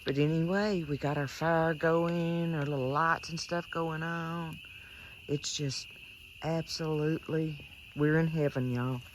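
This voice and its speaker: A woman's voice: low voice, fairly even intonation, measured pace, a little hiss or hum. Folksy woman hosting outdoors. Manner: folksy and chatty, talking straight to viewers. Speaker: cooking show host. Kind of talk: casual cooking demonstration. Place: outdoors at night by a river.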